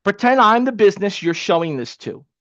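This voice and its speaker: Through a dry, somewhat dull webcam-style mic with no room sound, a high-voiced man coaches an online training. He talks fairly quickly with casual energy and repeats points for emphasis.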